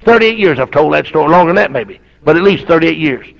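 An older man, preaching a folksy, animated storytelling sermon that breaks into shouted outbursts. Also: fairly high pitch, quick pace, creaky, highs cut off.

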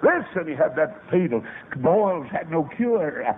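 A man preaching a revival sermon, telling stories with sudden soaring shouts. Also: a little high, very animated, measured pace, hardly any pauses. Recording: tinny phone-like old radio recording with faint hiss.

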